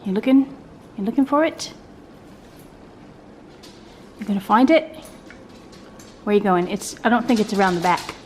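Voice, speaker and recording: A woman's voice: medium pitch, animated, normal speed, pauses often, darkish tone, slight background noise. A woman vlogging casually at home, chatting to the camera and cooing at her pets in a sing-song voice. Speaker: lifestyle vlogger. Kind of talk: casual home vlog chat.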